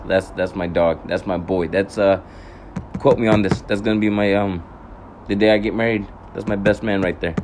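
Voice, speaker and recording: A man's voice: sits low, slight background noise. A young man telling a casual, rambling story to his viewers, swearing often, correcting himself and laughing at his own anger.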